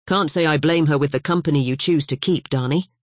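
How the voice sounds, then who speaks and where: A narrator voicing a restless male lawyer bantering with an old friend in brisk, friendly talk. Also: medium pitch, no room sound, studio quality, close to an everyday voice.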